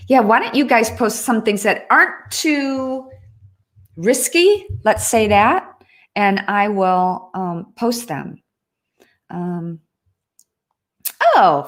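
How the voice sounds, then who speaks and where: A woman hosting a casual livestream, chatting earnestly and reading out viewer comments, often breaking off and restarting. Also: mid-range voice. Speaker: livestream host.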